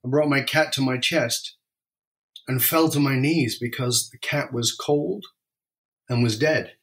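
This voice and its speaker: Male storyteller, candid and reflective, mid-range pitch. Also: unhurried, a bit bright. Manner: emotional, reflective, varies pace widely. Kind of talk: personal storytelling.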